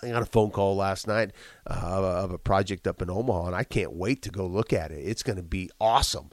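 A low-voiced man who sounds congested, with a slight cough. He tells earnest, motivational stories in a casual chat, often restarting his sentences. The sound is dry and close. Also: a little fast, no echo. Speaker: guest, business owner.

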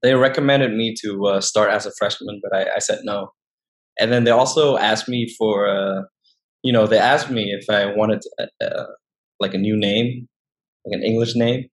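A young man from northern Vietnam with a Vietnamese accent, speaking English as his second language in a casual interview and often pausing and restarting. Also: on the low side, steady tone, poor audio. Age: young adult. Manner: hesitant, many fillers and restarts. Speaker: guest.

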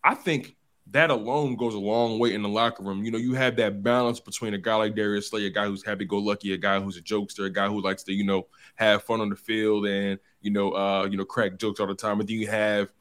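Low-voiced animated man talking sports. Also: a little fast. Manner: animated, repeats words while building a point. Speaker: fill-in sports radio co-host. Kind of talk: casual sports talk.

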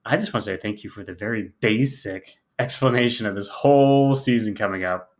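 A man's voice: lowish voice, a little fast. Man teasing in dry banter. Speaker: podcast co-host. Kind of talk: casual chat.

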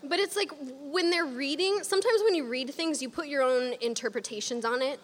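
A woman's voice: sits high, a little fast, big-room sound. A woman guest in a casual chat, talking in an assertive, opinionated, upbeat way.

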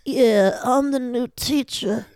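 A woman playing a brazen new teacher in an improv scene, with a fairly high voice and a slow, drawn-out delivery. She is bossy and teasing, and she says exactly what she wants. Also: a little mellow.

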